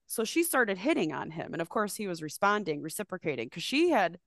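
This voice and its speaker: A woman's voice: fairly low pitch, fairly quick, few pauses, no room sound. Rambling, profane woman storyteller, dry sound. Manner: rambling, profane, animated retelling with restarts. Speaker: podcast co-host. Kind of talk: casual storytelling chat.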